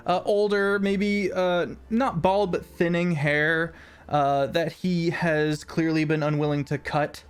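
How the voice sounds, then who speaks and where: A man narrating a tabletop role-playing game as game master, halting with many fillers. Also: on the high side, steady tone, smooth.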